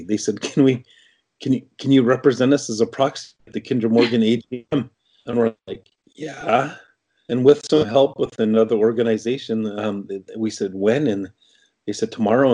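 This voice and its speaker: Man, lowish pitch, middle-aged, interview guest, casual storytelling, many fillers and restarts. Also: mellow, husky. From Canada.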